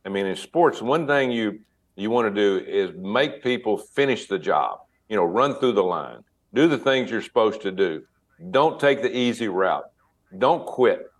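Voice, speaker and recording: A man, a politician guest, giving his opinions haltingly with many pauses and restarts. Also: lowish voice, lively intonation. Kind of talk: casual interview remarks.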